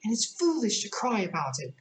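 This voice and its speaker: A woman voicing Alice, an earnest, prim young girl, with a high, pleading voice. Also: very animated, slight background noise, lightly acted. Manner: high, pleading, slowed delivery.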